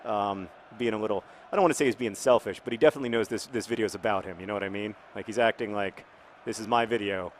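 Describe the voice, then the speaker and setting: A man casually commenting on his football video game in a rambling, jokey way, breaking into excited shouts. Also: on the low side, fast talker, few pauses, a little hiss or hum. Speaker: gaming video host.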